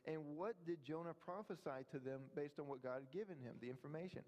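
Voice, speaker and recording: A man's voice: on the high side, fast, a little mellow, long reverb tail. A pastor preaching a sermon in a conversational way, often checking in with his listeners. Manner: conversational preaching with frequent "right?" asides. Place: church sanctuary.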